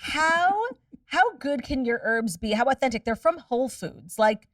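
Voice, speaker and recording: A woman's voice: high-pitched, lively intonation, no room sound, clean studio sound, distant mic. A woman guest chatting casually on a podcast, candid and profane, telling stories in a rush. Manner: candid, profane, rapid storytelling.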